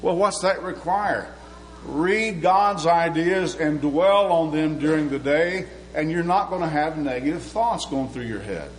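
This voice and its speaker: A male preacher delivers a sermon in a loose, conversational way, asking questions of the room and joking along the way. His voice sits a little on the high side. A faint hum runs under the recording. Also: rough recording. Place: church sanctuary.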